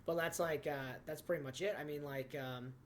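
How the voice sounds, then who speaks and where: A man's voice: a little high, fairly even intonation, moderate pace, crowd noise. A young man, a stand-up comic guesting on a podcast, rambling casually with lots of fillers. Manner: rambling, filler-heavy, lots of "like" and "you know".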